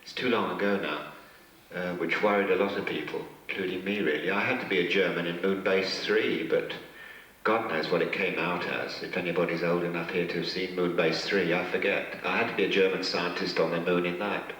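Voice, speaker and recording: Man, deep low voice, guest actor at a convention Q&A, rambling jokey anecdotes, far from the mic, big echoey hall. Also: steady tone, fairly quick, a bit bright. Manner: rambling, joking anecdotes with chuckles. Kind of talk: convention Q&A storytelling. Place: hotel function room.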